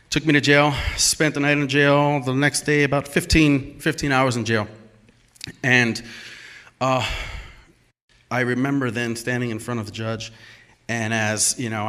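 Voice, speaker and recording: At a live storytelling event, a man with a medium-pitched voice tells a true story. He's animated and emphatic, acting out the dialogue as he goes.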